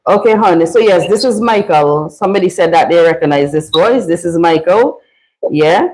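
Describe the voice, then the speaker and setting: A woman's voice: on the low side, lively intonation, moderate pace, darkish tone, rough recording. A woman from St. Vincent with a Vincentian accent, hosting a casual livestream and chatting with callers in creole-flavored speech. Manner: chatty, dialect-heavy creole phrasing. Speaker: livestream host. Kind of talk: casual live chat with callers.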